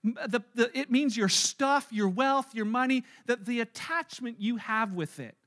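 A man preaching a sermon in church, animated and acting out everyday scenes in little voices. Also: very high voice, unhurried. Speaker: pastor. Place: church service.

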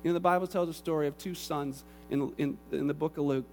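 A man preaching a sermon, telling the story with animated energy and acting out the characters. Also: fairly high pitch, quick pace, faint music behind.

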